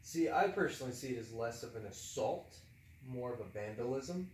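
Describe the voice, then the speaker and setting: A man's voice: mid-range voice, lively intonation, moderate pace, a little hiss or hum. A man co-hosting a casual podcast discussion, talking with fillers and frequent laughs. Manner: conversational, hesitant with fillers, laughs often. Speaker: co-host. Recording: echoey room, distant mic.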